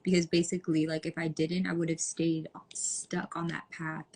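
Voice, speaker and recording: Young female podcast host, casual rambling chat, low flat voice with vocal fry. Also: moderate pace. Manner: rambling, lots of "like" fillers.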